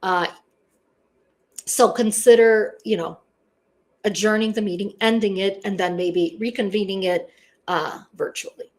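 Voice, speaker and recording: A woman leads a class and talks in a frank, easygoing way, with plenty of "you know" fillers. Her pitch sits in the middle range. She keeps things plain and direct. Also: fairly even intonation, unhurried, long pauses, darkish tone. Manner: blunt, conversational, lots of "you know". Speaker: instructor. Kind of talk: casual online class lecture.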